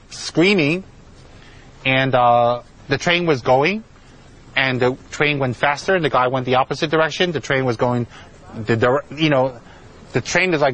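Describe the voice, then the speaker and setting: A man's voice: mid-range voice, a bit bright, low-quality recording. A man, a monk, telling a personal story in a chatty way, repeating himself and using many fillers. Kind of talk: spoken storytelling talk.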